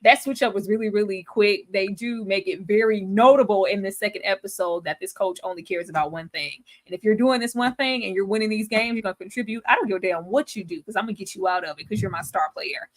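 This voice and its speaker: A woman co-hosting a casual TV review chat, animated and acting out quoted lines in changing voices. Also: medium pitch, fast, few pauses. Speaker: co-host reviewing a TV series.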